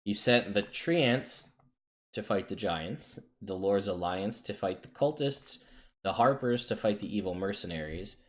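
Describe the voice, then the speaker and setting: A man running a tabletop game as game master, measured, reading out a list step by step. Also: lowish voice, expressive.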